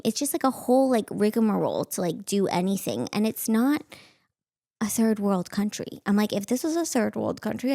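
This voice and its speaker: A woman telling comic stories on a podcast, acting out every voice and laughing as she goes. Her voice has a slightly gravelly, fry-touched edge, and it sounds dry and close to the mic. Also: mid-range voice, dry recording. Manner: animated, acts out voices, laughs often. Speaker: podcast host and stand-up comic. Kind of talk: casual comedic storytelling.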